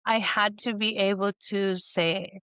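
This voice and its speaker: A woman hosting a podcast, telling a personal story in a casual, animated way and acting out the dialogue. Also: mid-range voice, a little slow, smooth, no echo. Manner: animated, acts out quoted dialogue with lots of "you know". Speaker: podcast host.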